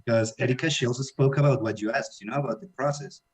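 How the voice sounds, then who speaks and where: A man speaking English with a Latin American Spanish accent, mid-pitched and easygoing. He co-hosts a casual radio talk and patiently retells a guest's account for listeners. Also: quick pace, over a noisy crowd. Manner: relaxed, summarizes and translates for others. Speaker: co-host language teacher.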